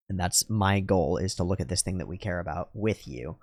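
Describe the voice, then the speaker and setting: A man rambling through a profane, philosophical monologue at home while high on drugs. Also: brisk, hardly any pauses, no echo, studio quality. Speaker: YouTuber.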